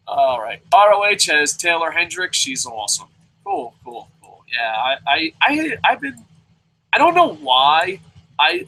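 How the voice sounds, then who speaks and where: A man's voice: a little high, bright, forceful tone, slightly rough, low-quality recording. A young man hosting a casual live wrestling review, ranting profanely and rambling with goofy sound effects. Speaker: wrestling review show host.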